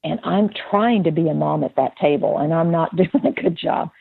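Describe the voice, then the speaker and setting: A woman's voice: low voice, moderate pace, creaky, breathy edge, no room sound. A woman sharing a spoken testimony as a guest, telling her story vividly and acting out the voices of the people in it. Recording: dry tinny phone-like line.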